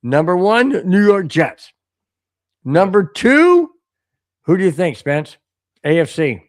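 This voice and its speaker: An American man co-hosting a casual sports podcast, telling a rambling story and reading out viewer chats in an excitable way. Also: high voice, takes it slowly, no room sound, clean studio sound. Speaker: podcast co-host.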